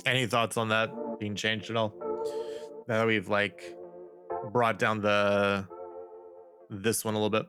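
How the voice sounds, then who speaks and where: A man's voice: lowish voice, steady tone, moderate pace, long pauses. A man streaming from home, casually chatting and repeating silly test phrases while adjusting his mic settings. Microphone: studio desk mic. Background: music playing.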